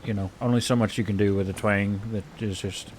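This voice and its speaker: A man playing a frontier healer in relaxed in-character roleplay, rambling and hesitant with many fillers. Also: fairly low pitch, a little fast, a little hiss or hum. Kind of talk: in-character western roleplay chat.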